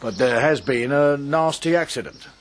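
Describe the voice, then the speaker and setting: An actor playing a calm, shrewd country police inspector, measured and dry, in a radio drama. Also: male voice, medium pitch, natural voice.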